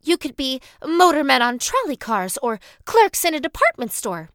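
A woman's voice: high voice, sing-song, moderate pace, a bit bright, no room sound, studio quality, pitched above the performer's own voice. A woman voicing an anxious, earnest young girl who pleads and explains in a storybook reading.

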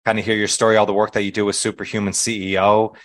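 A man hosting a podcast interview in a relaxed, casual way. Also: on the low side, rapid-fire. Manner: relaxed, laid-back with fillers. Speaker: podcast host.

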